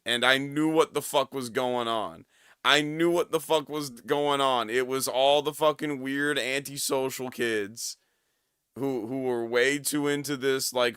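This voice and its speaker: A hoarse man in his thirties giving profane, laughing commentary while reacting to a video on a livestream. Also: mid-range voice, pushed and bright, no room sound, studio quality.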